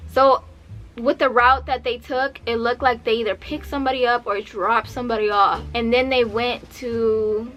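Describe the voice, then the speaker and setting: A young woman in her twenties telling a story in a casual vlog, acting out the lines of the people in it. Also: moderate pace. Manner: animated, acts out quotes with pitch jumps.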